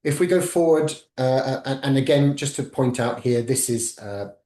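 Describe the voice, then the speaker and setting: A man's voice: medium pitch, moderate pace, dark tone. A man gives an academic webinar in a mid-range voice, stepping methodically through one slide after another. His voice carries a roomy echo around it. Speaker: webinar presenter.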